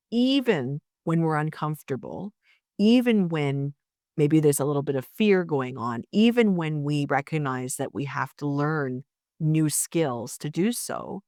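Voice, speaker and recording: A woman's voice: sits low, darkish tone, no room sound, clean studio sound. Emphatic, motivating middle-aged woman. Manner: emphatic and motivational, builds long lists of repeated phrases. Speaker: podcast co-host, artist. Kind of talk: casual podcast chat.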